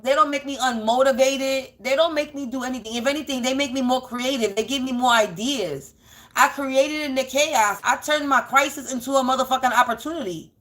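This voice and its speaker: A woman's voice: high-pitched, brisk, a bit bright. A woman doing a casual spiritual reading, blunt and profane, repeating phrases for emphasis. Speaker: spiritual energy reader.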